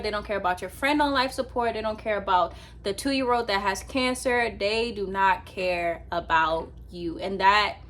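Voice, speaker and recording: A young woman vlogging casually from her apartment at night, telling a rambling, animated story to her laptop with many fillers. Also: mid-range voice. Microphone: laptop with ring light.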